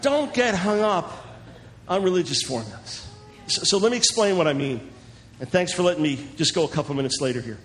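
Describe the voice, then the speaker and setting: A man preaching in a sermon-style teaching talk, animated and chuckling, acting out the voices of the people he quotes. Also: sits high, fairly quick, slight background noise.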